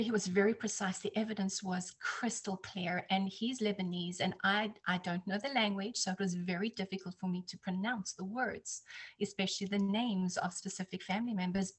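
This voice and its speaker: A woman talks through a personal story in a casual interview chat. She is animated, often slipping into higher, louder voices when she quotes others. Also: slightly rough. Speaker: psychic reader, guest.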